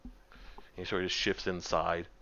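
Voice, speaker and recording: A man's voice: deep voice, level tone, measured pace, vocal fry, pushed and bright, muffled recording, a little hiss or hum. A man narrating as game master of a tabletop game, rambling with many ums and restarts.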